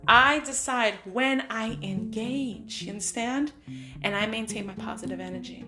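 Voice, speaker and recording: A woman's voice: a little high, normal speed, music in the background. A middle-aged woman hosting a podcast, giving casual motivational talk in a direct, emphatic way straight to the listener. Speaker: podcast host.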